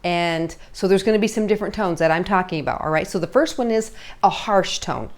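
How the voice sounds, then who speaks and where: A woman's voice: on the low side, lively intonation, brisk. Middle-aged woman, parenting coach, chatty, keeps checking in with listeners. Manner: conversational, checks in constantly with "okay?" and "all right?". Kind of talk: casual coaching talk.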